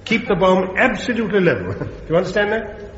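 An actor playing a breezy, chuckling bomb-disposal captain in a radio comedy. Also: male voice, high-pitched, very animated, quick pace, fairly bright tone. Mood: jovial. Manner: jovial and chuckling. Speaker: comedy character. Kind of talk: 1970s radio sitcom acting. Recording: roomy lo-fi studio recording.

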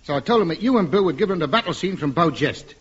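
An actor playing a scheming, smooth-talking agent with a chummy, wheedling manner, in a 1950s radio comedy. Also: male voice, a little high, animated, quick pace. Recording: dull old radio recording with faint hiss.

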